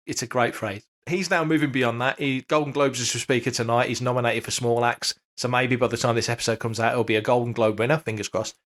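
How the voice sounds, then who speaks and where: A man in a relaxed podcast conversation, speaking in an ordinary mid-range voice. He makes his points emphatically and keeps throwing out rhetorical questions. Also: mid-range voice. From United Kingdom. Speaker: podcast co-host. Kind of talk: casual podcast chat.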